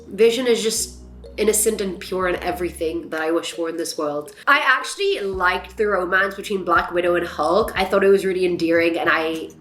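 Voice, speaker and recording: A young adult woman vlogger chatting casually about films, animated and swearing freely. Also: lowish voice, brisk, soft background music. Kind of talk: casual reaction chat. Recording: echoey room.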